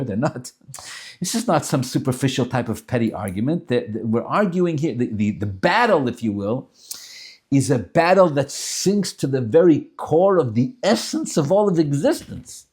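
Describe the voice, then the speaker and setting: A man teaching a religious text class in an animated, emphatic lecture style, often restarting and repeating words as he builds his points. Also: medium pitch, normal speed, breathy edge. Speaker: Torah teacher.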